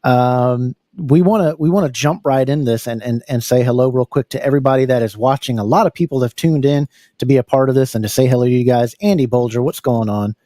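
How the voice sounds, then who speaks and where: An American man hosting a live podcast, energetic and full of fillers, repeating words as he goes. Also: medium pitch, fast, few pauses, no room sound, clean studio sound. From United States. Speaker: podcast host. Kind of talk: casual live podcast chat.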